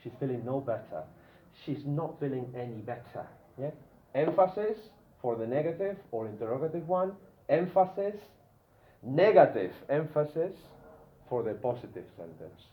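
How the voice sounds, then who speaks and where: A man teaching an English grammar class, animated and repetitive, checking in with "yeah?" after nearly every point. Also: mid-range voice, normal speed, roomy sound, phone-quality sound.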